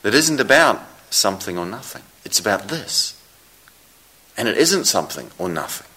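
Slow-spoken, low-voiced man teaching meditation. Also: very animated, sharp tone, breathy edge. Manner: slow, reflective, with long pauses. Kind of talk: dharma talk. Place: meditation hall.

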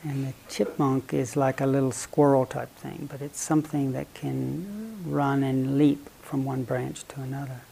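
A man giving a Buddhist dharma talk, telling a story in a playful, animated way and sometimes dropping almost to a whisper. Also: mid-range voice, a little slow, gravelly, hardly any pauses, a little hiss or hum, low-quality recording. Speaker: Buddhist meditation teacher.

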